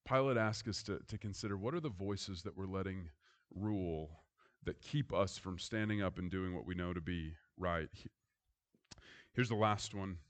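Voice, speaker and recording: A middle-aged man who is a pastor, preaching a sermon with hushed, reflective stretches and rising, emphatic storytelling. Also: low-pitched, normal speed.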